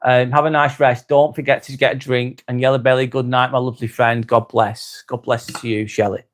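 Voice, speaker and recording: A man with an East Lancashire accent hosts a live stream in a relaxed, unhurried way. His voice sits at an ordinary middle pitch. He reads out viewer comments and answers them with friendly, easygoing warmth. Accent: East Lancashire English. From North West England. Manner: calm, unhurried, winding down, calls people mate.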